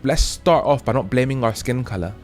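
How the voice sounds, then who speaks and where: A man from the UK hosting his own show, delivering an emphatic, preachy monologue that keeps checking in with "okay?" and jumps higher and louder on key points. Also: brisk, faint music behind. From United Kingdom. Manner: rising to loud high emphasis on key points. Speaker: host. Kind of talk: opinionated monologue.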